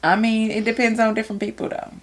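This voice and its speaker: A young woman co-hosting a podcast in casual, slangy chat, relaxed and quick to laugh. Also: on the high side. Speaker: podcast co-host.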